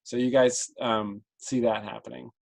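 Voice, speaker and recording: A man narrating a tabletop game as game master, relaxed and filled with hesitations. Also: mid-range voice, moderate pace, vocal fry. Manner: relaxed, many ums, describes the scene.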